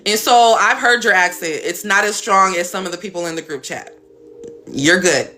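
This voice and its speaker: A woman's voice: mid-range voice, normal speed, bright, forceful tone, a little hiss or hum. A woman hosting a live stream as a spiritual coach, talking casually and bluntly with some cursing. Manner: blunt, chatty, swears casually.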